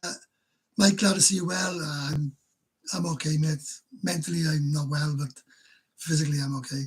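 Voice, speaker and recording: A Welsh man chats casually through viewer comments on his live stream. His voice sits a little high and sounds husky, and he rambles bluntly, often laughing at himself. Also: fairly even intonation, normal speed, rough recording. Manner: blunt, rambling, self-mocking.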